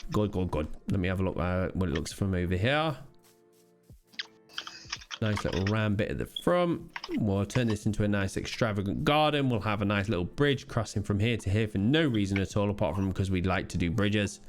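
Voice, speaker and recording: A man's voice: lowish voice, brisk, faint music behind. A man streaming a game, chatting casually with swearing and mock outrage. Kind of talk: casual live-stream chat while gaming.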